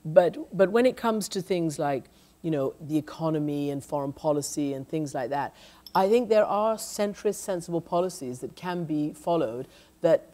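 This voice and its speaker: A woman's voice: sits low, dark tone. A middle-aged woman journalist in an onstage conversation, talking emphatically with frequent restarts and "you know". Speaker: journalist, lecture guest.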